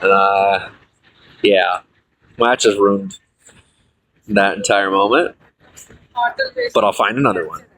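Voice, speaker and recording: This man, in his thirties, takes it slowly with long pauses as he casually tells his life story on a livestream. He rambles, correcting himself and using fillers, laughing things off and jumping up in pitch when excited.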